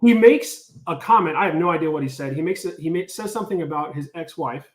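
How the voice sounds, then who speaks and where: A man casually telling a story, animated and full of filler words, acting out what people said. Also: a little high, fast, roomy sound, a crowd in the background. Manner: animated, lots of "like", acts out quotes. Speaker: storyteller on a podcast.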